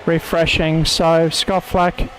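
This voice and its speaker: A man's voice: fairly high pitch, level tone, slow, fairly bright tone, slight background noise, poor audio. A man commentating an online sim racing event, calling corners and penalties and mocking his own attempts at an Italian accent. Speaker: race commentator.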